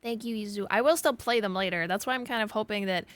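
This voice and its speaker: Excitable, foul-mouthed young woman streamer. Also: medium pitch, fast, no room sound. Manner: excitable, swears a lot, laughs often. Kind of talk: casual let's-play commentary.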